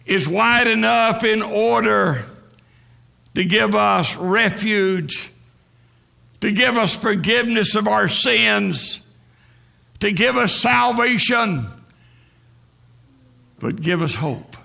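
Gravelly high-voiced man preaching a sermon. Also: slow, long pauses, pushed and bright. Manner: rhythmic, repetitive preaching cadence.

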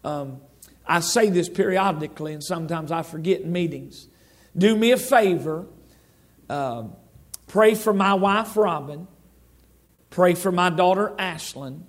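Inside a church sanctuary, a middle-aged man preaches a folksy, rambling sermon full of restarts and asides to the congregation. His voice is high, his pace a little slow, and he takes long pauses.

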